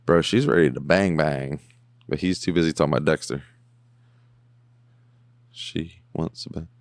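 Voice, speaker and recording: A man hosting a podcast, casually recapping and reacting to a TV episode in a slangy, animated way. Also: very deep voice, normal speed, no echo, clean studio sound. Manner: slangy, animated, says "bro" a lot. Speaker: podcast host.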